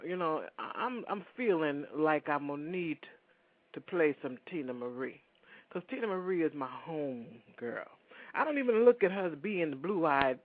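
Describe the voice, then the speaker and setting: A man with a high-pitched voice hosts a radio show, rambling casually and talking right to his listeners. There's no room sound; the recording is dry and phone-like in its lo-fi quality.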